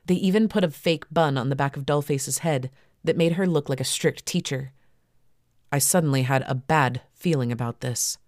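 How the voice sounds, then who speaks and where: A woman narrating a first-person erotic story for an audiobook in a steady, even manner. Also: deep voice, normal speed, no room sound, clean studio sound.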